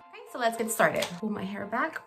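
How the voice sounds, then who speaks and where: A woman beauty vlogger chatting casually while doing her makeup at home, gushing and talkative, in a gravelly morning voice. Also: medium pitch, expressive, a little fast, over loud music. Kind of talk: casual makeup tutorial chat.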